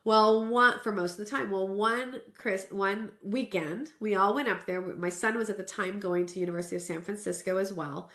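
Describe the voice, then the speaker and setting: Her voice medium-pitched, steady and a bit bright, a woman in her forties from Southern California moves at a moderate pace with hardly any pauses. The self-care talk is candid, earnest and conversational, a personal story with restarts, recorded with roomy echo.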